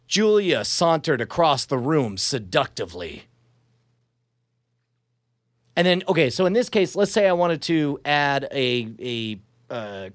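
Excitable man with a lively voice. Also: medium pitch, no echo, studio quality. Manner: excitable, animated, laughs often. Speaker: podcast host testing an app. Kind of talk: casual chat, dictating test sentences.

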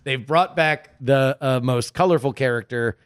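A man's voice: mid-range voice, moderate pace, clear, resonant tone, no room sound, clean studio sound. A man co-hosting a podcast, chatting casually with playful banter and enthusiastic recommendations. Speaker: podcast co-host. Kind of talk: casual comedic chat.

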